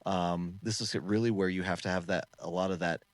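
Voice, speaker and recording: A man co-hosting a casual podcast, an animated storyteller who laughs often and trails off and restarts. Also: low-pitched, fairly quick, no room sound. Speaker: podcast co-host, martial arts instructor.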